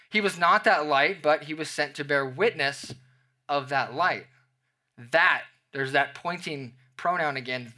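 A young man preaches with a bright, forceful voice that sits a little high. He walks through scripture and slips into acted-out everyday scenes to make his point. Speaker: pastor. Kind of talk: sermon.

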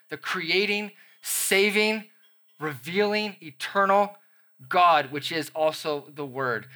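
A young man preaches with a bright, forceful voice that sits a little high. He walks through scripture and slips into acted-out everyday scenes to make his point. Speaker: pastor. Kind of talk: sermon.

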